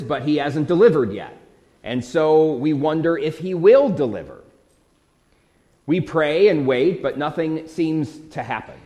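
A man's voice: on the high side, a little mellow, big-room sound. A man preaching a sermon as pastor, talking earnestly and conversationally, with rhetorical questions to the congregation.

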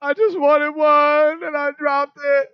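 A man's voice: very high-pitched, level tone, takes it slowly, muffled recording, voice pushed up. A man putting on a sobbing little boy. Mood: tearful. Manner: whimpering, pleading. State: crying, sobbing. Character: distraught little boy caught lying.

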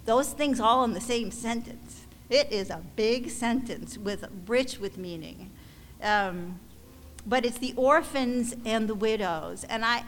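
Slow, halting woman in a reverberant hall. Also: mid-range voice. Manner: halting and emotional, with many restarts. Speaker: ministry leader addressing supporters. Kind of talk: heartfelt church testimony. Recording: long hall reverb, faint background noise.

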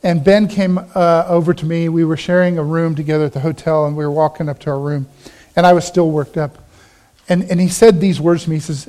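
A middle-aged man with a rather high voice delivers a sermon in an easy, conversational way. He tells a personal story and drops to a lower voice when he quotes his friends. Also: steady tone, a little fast, dark tone. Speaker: pastor.

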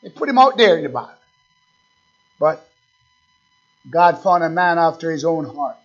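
A male pastor with a high voice preaches a sermon, pressing his listeners with rhetorical questions and climbing in fervor. The recording sounds dull and lo-fi. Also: big pitch swings, moderate pace.

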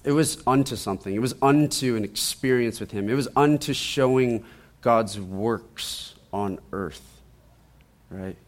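A man's voice: medium pitch, measured pace. Man telling a story from the pulpit. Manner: animated storytelling, acts out quoted voices, repeats words. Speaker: preacher. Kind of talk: sermon testimony storytelling.

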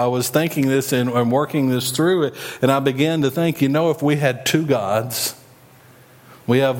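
A man preaching a sermon in a folksy, emphatic way. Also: mid-range voice. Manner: folksy, emphatic preaching with rising and falling delivery. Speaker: pastor.

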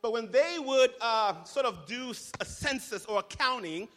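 A man preaching a sermon as pastor, telling the story with humor and animated asides. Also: very high voice, normal speed, a little hiss or hum. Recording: large hall reverb.

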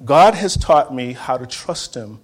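A man preaching a sermon in a church, repeating phrases and calling on the congregation to respond, swinging from loud outbursts to hushed words. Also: mid-range voice, expressive, measured pace.

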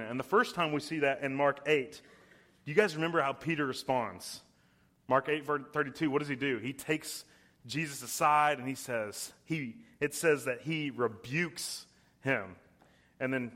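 A young man delivers a sermon in a fairly high voice. He is emphatic, slows down to stress key words, and briefly puts on voices when he quotes someone. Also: fairly bright tone. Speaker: preacher.

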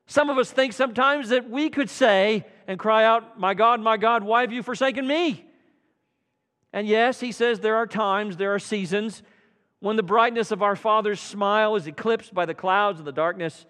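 A man preaching an evening church sermon, swinging from loud fervent calls to hushed quiet passages. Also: high-pitched, long reverb tail. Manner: dramatic swings from loud fervor to hushed tones. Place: church sanctuary.

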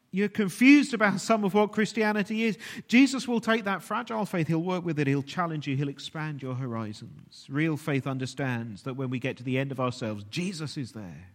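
A man preaching a sermon earnestly, at times dropping to a hushed, almost whispered voice. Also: on the high side. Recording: long reverb of a large hall.

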